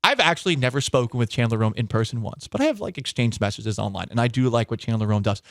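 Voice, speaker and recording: A man hosting a sports talk show, bantering in an animated, sarcastic and emphatic way into a studio microphone. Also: medium pitch, fast talker, few pauses, dry recording.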